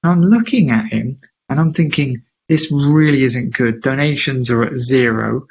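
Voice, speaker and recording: A man, a podcast guest, telling a story with lively emphasis and acting out the voices of people he quotes. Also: mid-range voice, moderate pace, gravelly, highs cut off, a little hiss or hum. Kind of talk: animated storytelling in a podcast interview.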